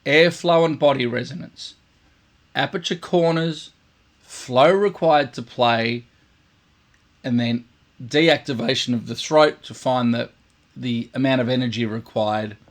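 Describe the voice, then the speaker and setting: A man's voice: medium pitch, a little slow. A man teaching trumpet in a casual video lesson, repeating his points and voicing buzzing sounds to demonstrate. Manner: repetitive, demonstrative, vocalizing sounds.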